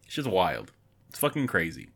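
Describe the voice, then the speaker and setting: A man's voice: deep voice, wildly swooping pitch, moderate pace, vocal fry, fairly bright tone. A young man in casual chat, blunt and swearing often.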